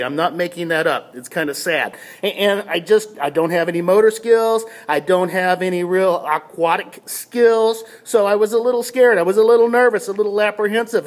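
A man giving a short devotional talk, telling a personal story in a casual, self-deprecating way with many restarts before drawing a faith lesson. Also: sits high. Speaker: pastor.

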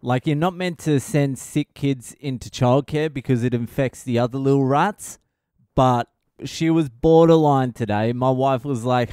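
A man's voice: mid-range voice, moderate pace, a little mellow, smooth, no echo, clean studio sound. A middle-aged man, a comedian hosting his own podcast, rambling through a casual comedic monologue and swearing constantly.

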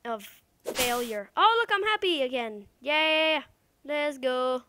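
A woman giving casual, excitable let's-play commentary, talking to the game's creatures and repeating words as she plays. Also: high voice, takes it slowly, clean tone, no echo. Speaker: gamer.

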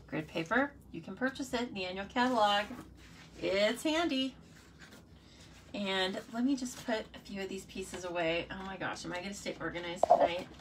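A woman's voice: medium pitch, fairly bright tone, a little hiss or hum. A woman demonstrating card-making in a casual live tutorial, chatty and playful, talking to herself and her viewers. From United States.

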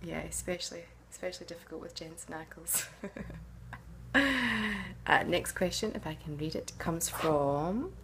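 Casting note: actress answering fan questions to camera, middle-aged woman, low gravelly voice, casual and musing. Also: steady tone, moderate pace, a crowd in the background. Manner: chatty and musing, with frequent hesitations.

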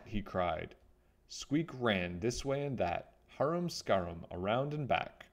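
A man reads a children's picture book aloud in a low voice, taking his time over every line. His delivery rises and falls freely, full of expression for young listeners. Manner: expressive, unhurried storytelling. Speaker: children's story reader.

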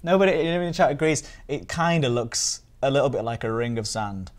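A man's voice: mid-range voice, steady tone, brisk. A man from the United Kingdom chatting casually on a live stream as he reviews biscuits and reads out the chat.

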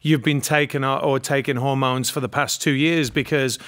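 A man's voice: mid-range voice, steady tone, normal speed, fairly bright tone. A man, a guest on a talk show, speaking in a rambling, exasperated way and often restarting his sentences. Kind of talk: casual political talk.

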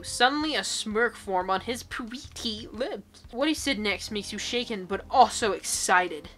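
A woman's voice: medium pitch, expressive, unhurried, hardly any pauses. A woman in her twenties, a YouTuber reading social media posts aloud and reacting to them with sarcasm and incredulous outbursts. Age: 20s.

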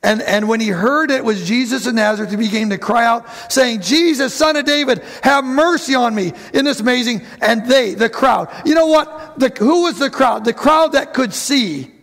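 A man preaching a lively sermon to his church, who acts out the voices of bible figures and calls out to the congregation. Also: extremely high pitch, moderate pace, gravelly, few pauses. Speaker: pastor.

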